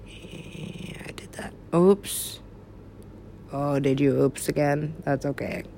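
A woman's voice: low voice, steady tone, slow pace, warm tone, slight background noise. A woman talking in a meandering, giggly way, swearing freely and trailing off into mumbles. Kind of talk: rambling casual talk.

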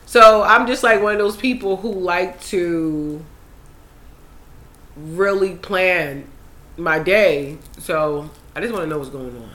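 A young woman in casual group chat, animated and swearing when worked up. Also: on the low side, takes it slowly. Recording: echoey room with faint noise.

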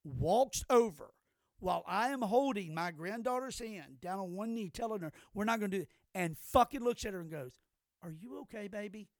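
A man's voice: sits high, expressive, normal speed, no echo, studio quality. An older man co-hosting a podcast, telling stories in a rambling, profane way with many restarts. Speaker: podcast co-host. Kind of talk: casual chat.

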